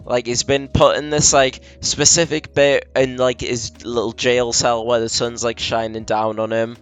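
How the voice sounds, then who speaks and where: Smooth-voiced man rambling through a plot. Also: mid-range voice, level tone, soft background music. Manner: rambling, acts out characters in quick quoted bits. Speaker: friend explaining a game plot. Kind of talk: casual drunken chat.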